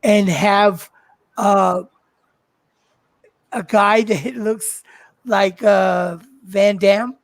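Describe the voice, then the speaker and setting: Halting co-host voice, dry sound. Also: mid-range voice, dry recording. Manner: halting, searching for words with many fillers. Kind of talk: casual livestream chat.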